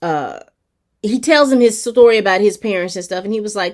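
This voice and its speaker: A woman recapping a TV episode for her viewers in casual chat, expressive and talkative, with terms of endearment and fillers. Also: medium pitch. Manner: rapid talk.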